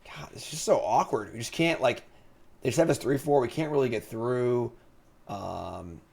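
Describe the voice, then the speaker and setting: A man streaming a digital card game, thinking aloud in a relaxed, chatty commentary. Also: medium pitch, moderate pace, vocal fry.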